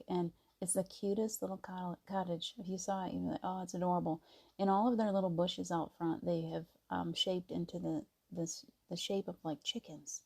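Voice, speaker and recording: A woman hosting a casual live stream, chatting gently and greeting viewers by name. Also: on the low side. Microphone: device mic on a video stream.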